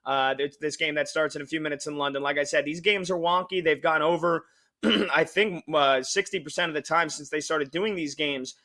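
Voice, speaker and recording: Bright-voiced male betting radio host. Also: on the high side, fairly even intonation, moderate pace. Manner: rambling, with many fillers and restarts. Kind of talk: casual betting analysis.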